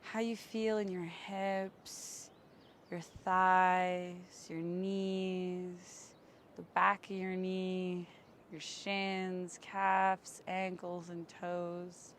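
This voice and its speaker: A woman yoga teacher giving slow, gentle, soothing cues for poses and breathwork, recorded outdoors on a camera mic. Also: on the low side, level tone, a little hiss or hum. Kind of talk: guided yoga and breathwork instruction. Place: outdoors in bright sun.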